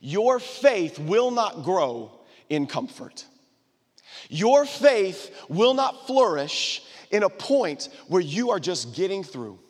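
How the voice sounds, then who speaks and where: With a high, sing-song voice, a man preaches slowly to a live congregation in a big-room space. He is emphatic, repeating call-and-response lines and urging the crowd to answer.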